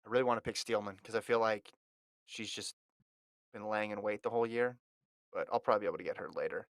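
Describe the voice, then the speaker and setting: A man's voice: fairly low pitch, steady tone, fast talker, gravelly, no room sound. A man hosting a casual sports chat, running a fantasy draft in a chatty, teasing way and reading out lists of picks.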